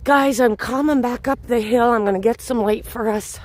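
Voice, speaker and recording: A woman's slightly high, a little mellow voice moves at a moderate pace as she livestreams a night walk outdoors in a city park. Carrying her phone, she makes casual conversation and answers viewers by name.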